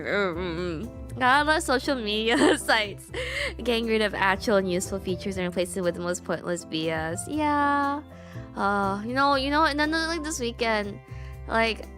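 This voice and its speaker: Female streamer, casual chat, higher voice with big pitch swings, filler-heavy rambling delivery. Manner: expressive, swings between giggly highs and low mumbles. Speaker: VTuber streamer.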